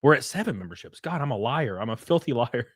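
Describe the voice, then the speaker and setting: A man's voice: medium pitch, lively intonation, quick pace, no room sound, studio quality. A man hosting a live reaction stream, teasing and cursing at his chat in a brash, joking way.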